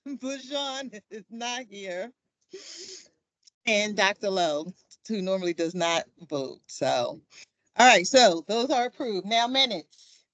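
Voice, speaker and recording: A woman's voice: mid-range voice, animated, slow, fairly bright tone, no echo. A woman chairing a commission meeting, calling roll in an informal, upbeat way with plenty of fillers. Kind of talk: running a meeting roll call.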